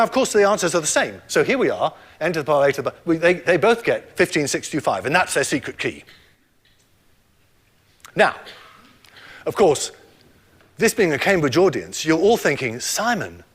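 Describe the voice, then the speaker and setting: A man's voice: on the high side, fairly bright tone. An older man giving a public lecture, explaining math step by step in a playful way and quizzing his audience.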